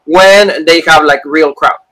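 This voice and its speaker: A man's voice: fairly high pitch, a little slow, pushed and bright, rough recording. A man co-hosting a wrestling review podcast, chatty and agreeable, full of fillers. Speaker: wrestling show co-host. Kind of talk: casual podcast chat.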